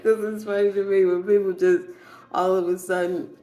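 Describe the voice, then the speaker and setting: A woman's voice: mid-range voice, little pitch movement, normal speed, mellow. A woman telling rambling comedic stories and laughing often at her own jokes. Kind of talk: comedic monologue.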